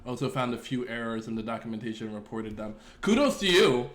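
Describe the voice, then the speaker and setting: Male streamer, mid pitch, casual rambling coder, self-deprecating, loose and chatty. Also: lively intonation, quick pace, a bit bright. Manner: rambling, self-deprecating, swears and laughs, talks to chat. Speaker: game dev streamer. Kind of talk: casual live-stream chat while coding.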